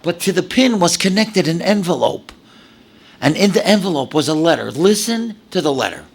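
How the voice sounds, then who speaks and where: Animated older rabbi telling stories. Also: male voice, high voice, normal speed, vocal fry, husky. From New York, USA. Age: 70s. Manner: animated, dramatic storyteller with sudden drops and exclamations. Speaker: rabbi, speaker. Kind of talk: storytelling lecture to an audience.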